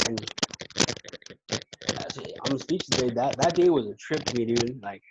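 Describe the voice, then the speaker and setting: A man's voice: medium pitch, animated, a little slow, long pauses, heavy background noise. A man telling a personal faith story in casual talk as a podcast guest, rambling with many restarts. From California. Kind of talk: casual testimony.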